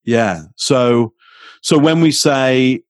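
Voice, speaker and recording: A man speaking as a communications expert guest in an interview, energetic and acting out little exchanges as he explains. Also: extremely slow, no room sound. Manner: energetic, acts out quoted exchanges with rising pitch. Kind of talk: animated interview answer.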